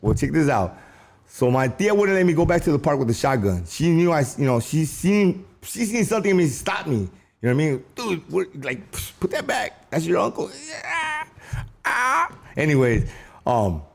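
A man's voice: on the high side, very animated, normal speed, vocal fry. A man telling stories from his youth in casual street slang, often ending lines with a tag question. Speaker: interviewee. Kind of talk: casual storytelling.

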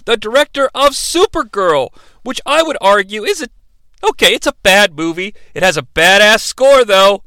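A man in his forties hosting a comedic bad-movie review show, sarcastic, profane and excitable. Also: high voice, moderate pace, no echo.

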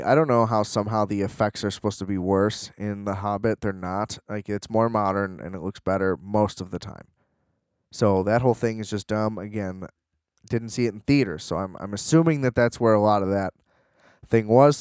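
A man's voice: lowish voice, darkish tone, no echo. Rambling sarcastic young man, dry sound. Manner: rambling, sarcastic, many fillers. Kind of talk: casual opinionated rant.

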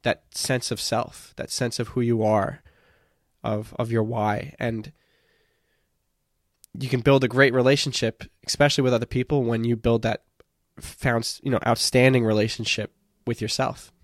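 A man's voice: medium pitch, steady tone, normal speed, no echo, studio quality. A man hosting a podcast, talking in an earnest, encouraging way and repeating words as he thinks. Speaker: podcast host. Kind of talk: casual podcast conversation.

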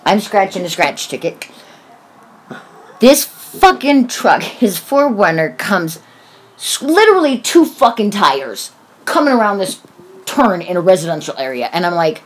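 Blunt sarcastic woman telling a story, lots of cussing, very lively up and down voice. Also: mid-range voice, moderate pace, slightly rough. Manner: blunt and profane, sarcastic asides. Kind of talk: casual storytelling.

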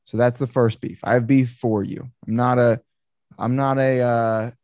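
A man co-hosting a casual podcast, telling a story with animated, exasperated swearing. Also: mid-range voice, moderate pace, dry recording, studio quality. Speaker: podcast co-host. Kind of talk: casual chat.

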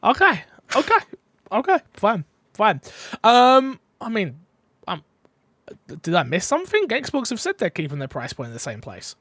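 A man's voice: high-pitched, wildly swooping pitch, moderate pace, pauses often, sharp tone, no room sound. A man hosting a casual gaming podcast, talking in a rambling, hesitant way full of fillers. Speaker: podcast host.

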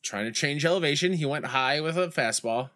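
While streaming a baseball video game, this young man reads his chat aloud and rambles through school stories in casual conversation, erupting when plays go wrong. His voice is on the high side, a bit bright, and a little fast.

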